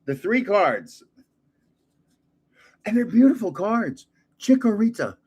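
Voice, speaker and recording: This older host of a card-opening channel has a high, slightly rough voice and sounds very animated, speaking slowly with long pauses. While opening cards he chats away, wandering into comic stories that make him laugh at his own jokes.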